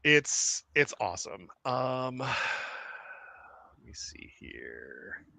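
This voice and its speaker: A male podcast host chatting in a loose, rambling way, full of fillers and small laughs. His voice is bright and forward, and he talks at an unhurried pace. The sound is dry and close on the mic. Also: medium pitch, wildly swooping pitch, creaky, no echo. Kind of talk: casual chat.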